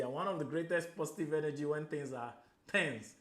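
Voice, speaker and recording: A Nigerian man talks through a motivational business Q&A, animated and playful, slipping into Pidgin and acting out little scenes. His voice sits fairly high for a man. The sound bounces around an echoey room. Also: fairly quick. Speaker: real estate coach answering questions. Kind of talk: motivational Q&A talk.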